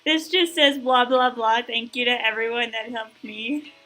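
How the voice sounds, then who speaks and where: American woman live streaming, kinda high voice, slow and chatty, lots of ums, thanks her viewers. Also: fairly even intonation, sharp tone, soft background music, low-quality recording. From United States. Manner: chatty and heartfelt, with many fillers, thanking viewers and reading chat aloud. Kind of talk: live-stream reaction chat.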